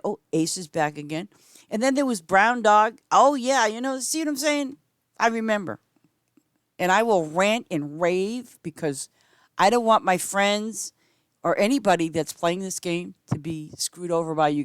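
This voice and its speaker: A woman game streamer chatting casually with her viewers while she plays, rambling and swinging between loud greetings and quiet asides. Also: no echo, studio quality. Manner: chatty, rambling, repeats "I'm just saying"; lively swings in pitch and loudness, sometimes whispering. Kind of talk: casual gameplay chat with viewers.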